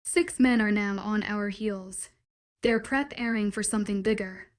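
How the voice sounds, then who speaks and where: A woman's voice: medium pitch, fairly even intonation, a little slow, natural voice. A woman voicing an angry, commanding young werewolf man in an audiobook, giving curt orders. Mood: stern.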